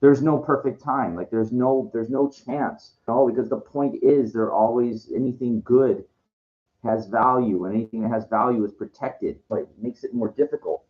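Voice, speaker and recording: A man's voice: medium pitch, normal speed, narrow, tinny audio. A man rambling in a frustrated monologue vlog, repeating himself and restarting his sentences. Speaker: vlogger.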